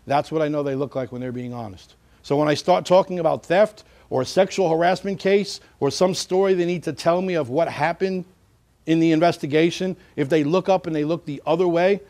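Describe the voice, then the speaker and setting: A middle-aged man teaches as a security trainer in a lively, animated way, slipping into short bits of example dialogue. His voice sits a little higher than most men's. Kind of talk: instructional talk.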